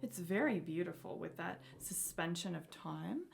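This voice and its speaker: Woman, piano teacher, beginner lesson, encouraging, gravelly fry, checks in often. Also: on the low side, moderate pace.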